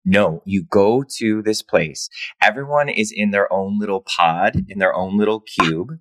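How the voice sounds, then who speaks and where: A man's voice: lowish voice, unhurried, fairly bright tone, no echo. A man chatting as a guest co-host on a podcast, telling a story with plenty of ums and uhs. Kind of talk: casual podcast chat.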